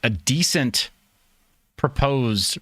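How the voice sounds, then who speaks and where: A man's voice: medium pitch, lively intonation, very slow, fairly bright tone, husky, no room sound. A man hosting a livestream, chatting casually in a joking, rambling, self-mocking way. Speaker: livestream host.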